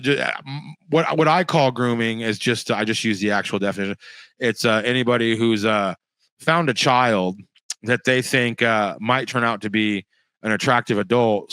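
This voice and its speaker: A man's voice: mid-range voice, fairly bright tone, dry recording. A man from the United States hosting his own show, rambling bluntly through casual commentary with crude jokes and frequent restarts. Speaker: podcast host.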